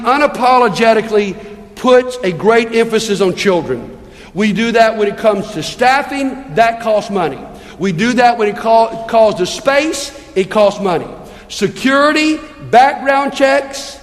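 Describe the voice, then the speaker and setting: Male pastor, sermon, high voice, earnest, pleading, long church-hall reverb. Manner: earnest, pleading, rhetorical questions. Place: church sanctuary.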